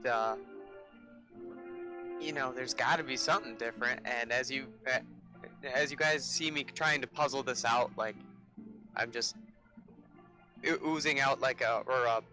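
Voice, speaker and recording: A man playing a tabletop game over a video call, describing his character's reactions as he searches for words. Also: medium pitch. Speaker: player.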